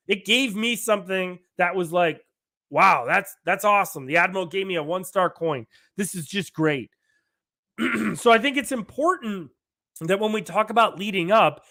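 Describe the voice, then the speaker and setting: A middle-aged man hosting a podcast, delivering an energetic solo rant, emphatic and often asking "right?" while acting out quoted dialogue. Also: sits high. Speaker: podcast host.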